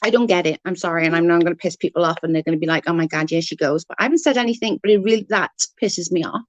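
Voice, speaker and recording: A woman's voice: lowish voice, rapid-fire, dry recording, muffled recording. A woman on a casual livestream, ranting in exasperation, swearing freely and answering chat comments. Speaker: live streamer reading chat comments.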